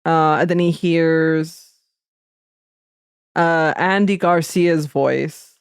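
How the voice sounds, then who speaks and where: A woman's voice: sits low, steady tone, extremely slow, clean tone, dry recording, clean studio sound. A woman co-hosting a podcast, chatting casually about a film, laughing often and leaning on "like" fillers. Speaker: podcast co-host. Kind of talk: casual chat recapping a film.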